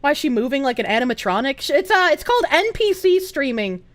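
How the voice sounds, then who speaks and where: A woman's voice: high voice, very animated, quick pace. A woman streamer reacting to a clip in casual chat, giggling and swearing freely. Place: room with echo dampeners.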